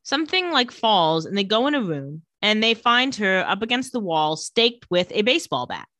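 A woman's voice: medium pitch, no room sound. A woman co-hosting a casual podcast, retelling a TV episode and acting out the characters' lines. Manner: lively storytelling, acting out lines in quick voices. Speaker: podcast co-host recapping a TV episode. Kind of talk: casual chat.

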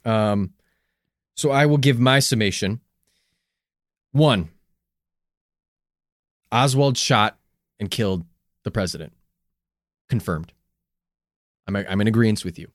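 A man's voice: on the low side, takes it slowly, pauses often, dry recording, studio quality. A man co-hosting a casual podcast, handing out verdicts one by one and joking around. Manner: verdict-giving, joking, swears, laughs. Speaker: podcast co-host. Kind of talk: casual conspiracy podcast chat.

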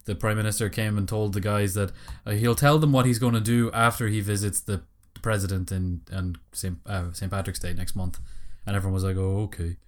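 Man, from Ireland, podcast co-host, casual chat, joking, laughs a lot, lowish voice. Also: little pitch movement. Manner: laughs often, quick to joke.

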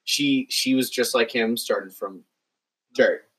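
A man's voice: mid-range voice, slow, fairly bright tone, slightly rough, rough recording. A man on a podcast, animatedly retelling film scenes in casual discussion. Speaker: podcast co-host.

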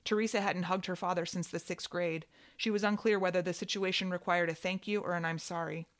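Woman narrator with a somewhat low voice, wry and measured, reading literary fiction. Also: steady tone.

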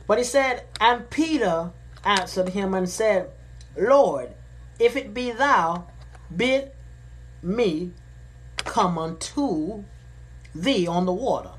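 A woman delivers a sermon at an unhurried, measured pace. She reads verses aloud, then goes back over them, repeating key phrases and restating them in everyday language. Her voice sits at an ordinary middle pitch for a woman. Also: animated, slight background noise. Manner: slow and deliberate, repeating phrases; paraphrases verses in plain modern words. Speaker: preacher. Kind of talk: sermon, reading and explaining scripture.

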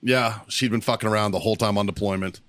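A man's voice: on the low side, steady tone, fast talker, fairly bright tone, no echo. A man hosting a podcast, telling a crude war story in casual chat, swearing and laughing a lot. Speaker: podcast host, Marine veteran.

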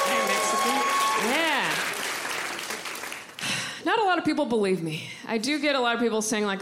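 A young American woman doing self-mocking stand-up comedy on a live stage, chatty and quick to switch into voices. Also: a little high, lively intonation, loud music behind the voice. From United States. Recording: live club mic with loud crowd.

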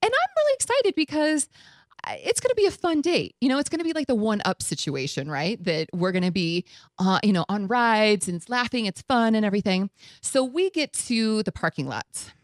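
Eine Frau, Moderatorin einer Radiosendung, die locker und lebhaft eine persönliche Geschichte erzählt und Zitate mit Lachen nachspielt. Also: female voice, on the high side, brisk, no room sound. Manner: animated, acts out quotes with laughs. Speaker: radio show host. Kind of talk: casual storytelling chat.

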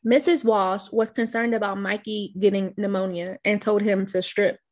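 A woman's voice: mid-range voice, steady tone, normal speed, darkish tone. A woman co-hosting a casual movie podcast, recapping scenes with playful jokes. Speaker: podcast co-host.

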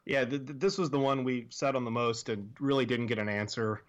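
A man's voice: medium pitch, brisk. Man explaining his team's trivia guesses. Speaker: trivia team player. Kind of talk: casual game chat.

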